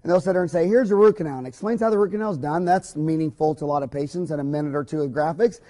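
Guy dentist lecturing other dentists, kinda high voice but mellow, folksy and rambly, punchy. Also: very fast. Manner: folksy, emphatic, rambling with asides. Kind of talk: informal recorded lecture.

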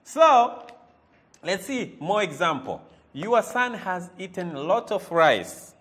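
A man's voice: high-pitched, sing-song, takes it slowly, fairly bright tone. A man teaching a language lesson, repeating words and quizzing the listener with "eh?" as he goes. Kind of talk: lively spoken language lesson.

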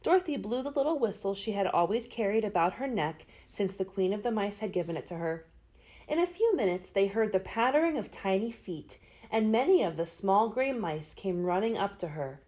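A librarian reads a children's storybook aloud, her lively voice rising and falling through the narration. She sounds mid-pitched for a woman. The recording is dull and lo-fi. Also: normal speed. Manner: expressive.

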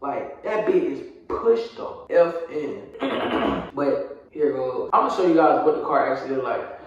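A young man with a fairly high voice spins a loose, slangy story for his viewers, dropping fillers as he goes. He sits back from the mic in a very echoey room. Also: lively intonation, unhurried, far from the mic, lo-fi sound. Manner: casual, slang-heavy storytelling with frequent fillers. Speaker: vlogger. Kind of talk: storytime vlog.

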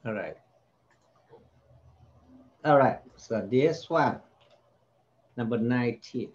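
A man's voice: medium pitch, animated, slow pace, highs cut off. A man tutoring a child in spelling, patiently repeating each word and sounding out its vowels. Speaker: home tutor.

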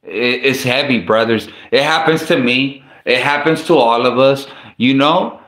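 A man's voice: mid-range voice, unhurried, a bit bright. A man preaching in a loose, conversational way, often restarting his words and throwing in slang asides. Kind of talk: casual sermon. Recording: roomy echo.

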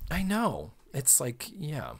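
A man's voice: fairly high pitch, slow, gravelly, slightly rough. A man co-hosting a podcast, retelling a TV episode in casual chat, acting out the quotes and swearing freely. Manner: animated storyteller, acts out quotes, swears freely. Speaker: podcast co-host.

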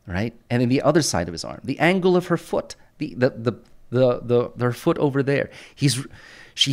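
A man teaching an art lesson over a screen recording, enthusiastic and repetitive, punctuating points with sound effects. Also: mid-range voice. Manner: enthusiastic, repeats phrases, punchy sound effects. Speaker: art instructor.

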